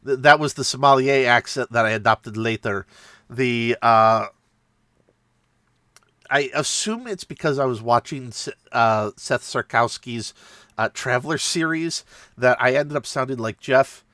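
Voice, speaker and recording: A man's voice: medium pitch, measured pace, bright, forceful tone, dry recording, studio quality. A man casually retelling a tabletop game session, rambling and self-mocking with frequent laughs. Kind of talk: casual storytelling.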